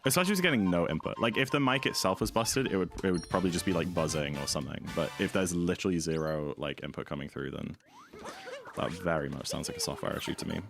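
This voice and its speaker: Low-voiced chatty streamer guy. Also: fast talker, vocal fry. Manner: rambling, chatty, reads and answers chat. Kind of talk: casual livestream chat while gaming. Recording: game music playing behind.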